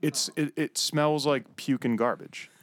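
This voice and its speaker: A man's voice: a little high, steady tone, a little slow. A young man co-hosting a podcast, talking in a rambling, crude and joking way. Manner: rambling, swears a lot, puts on silly voices. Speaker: podcast co-host. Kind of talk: crude casual chat.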